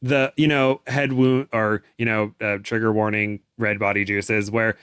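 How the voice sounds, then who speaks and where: A man's voice: on the low side, level tone, unhurried, a bit bright, clean tone, no echo, studio quality. A man co-hosting a podcast in casual chat, rambling a little with hesitant asides. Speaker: podcast co-host.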